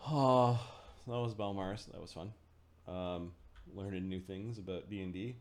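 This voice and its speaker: A man playing a tabletop game, reading rules aloud and thinking out loud with fillers. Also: deep voice, moderate pace. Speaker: player.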